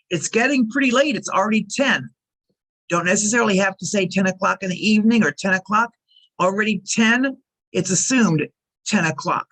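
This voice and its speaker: Woman, ESL teacher, careful repeated drill phrases, clear teaching narration. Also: mid-range voice, brisk, fairly bright tone. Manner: careful, repeats example sentences for learners.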